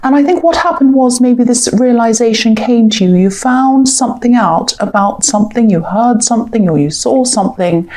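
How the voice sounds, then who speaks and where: A woman's voice: fairly high pitch, moderate pace, few pauses, darkish tone. A woman giving a casual tarot reading with a scratchy throat and recurring coughs, rambling and hedging as she talks. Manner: rambling and hedging, many "I think" and "um". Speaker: tarot reader.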